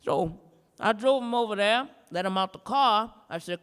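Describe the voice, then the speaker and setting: A woman performing a standup comedy routine live, telling a story in a brash, profane, animated way. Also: medium pitch, moderate pace, clear, resonant tone, big-room sound. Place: live performance in a gallery space.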